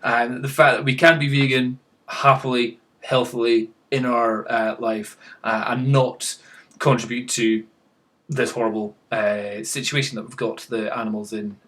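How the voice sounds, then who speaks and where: A man's voice: mid-range voice, level tone, measured pace, a bit bright. A man chatting casually to camera in a rambling, self-mocking way, chuckling at himself. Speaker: vlogger.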